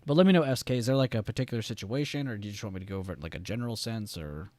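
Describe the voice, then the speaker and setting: A man's voice: lowish voice, lively intonation, racing, darkish tone, no echo. A young man from the United States hosting a casual trading live stream, rambling and reading chat messages aloud.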